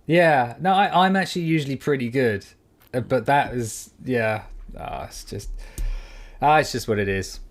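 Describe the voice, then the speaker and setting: Animated British man telling a story. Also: medium pitch, moderate pace. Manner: animated storyteller, acts out quoted voices. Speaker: podcast co-host. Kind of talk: casual chat. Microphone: studio microphone.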